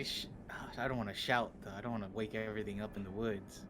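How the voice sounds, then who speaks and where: A man playing a tabletop game, swearing often and asking quick questions. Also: on the low side, steady tone, a bit bright, a little hiss or hum. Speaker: player. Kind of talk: casual tabletop play.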